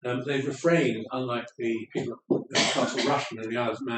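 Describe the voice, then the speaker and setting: A man giving a public lecture with slides, measured and digressive, with wry asides. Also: medium pitch, steady tone, very noisy. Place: lecture room in an old house. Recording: roomy room, speaker far from the mic, faint ambience.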